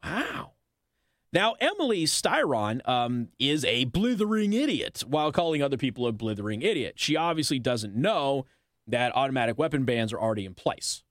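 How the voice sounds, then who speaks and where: Male radio host, sarcastic and emphatic, lively swooping pitch, dry close mic. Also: moderate pace, dry recording. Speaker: radio talk show host. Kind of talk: opinionated talk radio monologue.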